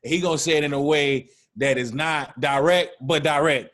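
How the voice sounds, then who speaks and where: A man's voice: a little high, fairly even intonation, moderate pace, a bit bright. A man co-hosting a casual interview, laid-back and slangy. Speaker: co-host. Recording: crowd noise behind.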